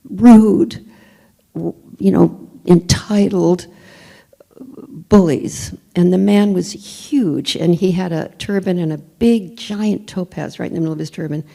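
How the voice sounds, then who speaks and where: Low, gravelly-voiced woman telling a story. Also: warm tone. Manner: candid, searching for words, emphatic repetitions. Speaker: speaker. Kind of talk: personal storytelling talk. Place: church.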